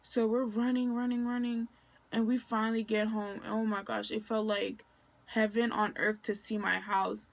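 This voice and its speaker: A woman's voice: a little high, level tone, moderate pace, vocal fry. A young woman from Maryland chats through a personal story for her vlog. She talks loosely, leaning on fillers and slang, and acts out what people said along the way. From Maryland, USA. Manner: chatty, filler-heavy, slangy retelling with quoted dialogue. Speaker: vlogger.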